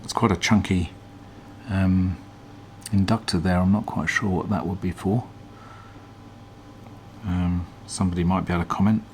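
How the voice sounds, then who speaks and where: A man hosting a casual teardown demonstration, talking in a relaxed, hesitant way with frequent ums as he explains. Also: low voice, normal speed, pauses often, slight background noise. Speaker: vlog host.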